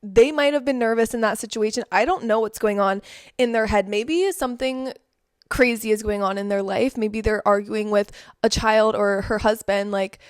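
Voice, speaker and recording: A woman's voice: mid-range voice, normal speed, clean tone, dry recording, studio quality. A young woman from the Southern United States talking casually in a vlog, with lots of "like" and "um". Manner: chatty, peppered with "like" and "um". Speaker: vlogger.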